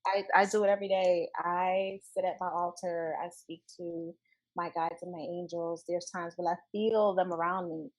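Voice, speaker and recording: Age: adult. Sex: woman. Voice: lowish, earnest and emphatic. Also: level tone, normal speed, rough recording. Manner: earnest, emphatic, repeats key phrases. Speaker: interview guest. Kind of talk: casual spiritual conversation.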